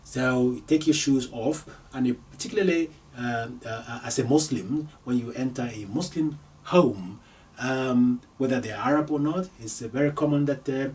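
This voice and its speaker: A man teaching an Arabic language lesson, repeating each phrase slowly for learners, with frequent hesitations. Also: mid-range voice, a little mellow, distant mic. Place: lives in London.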